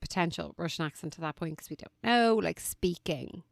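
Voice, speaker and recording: A woman co-hosting a podcast in casual chat, talking in a thoughtful, drawn-out way with many fillers. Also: fairly low pitch, vocal fry, no echo, clean studio sound. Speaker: podcast co-host.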